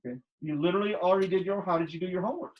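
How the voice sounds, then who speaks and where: A man's voice: high-pitched, very fast, lo-fi sound. A male math teacher in a classroom who teaches emphatically, repeats key steps and teases his students with sarcasm.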